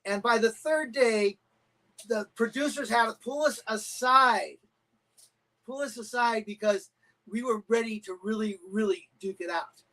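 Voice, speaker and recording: A middle-aged man, a karate champion guest, telling animated stories and acting out quotes in a casual interview. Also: sits high, unhurried, rough recording. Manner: animated anecdotes with acted-out quotes.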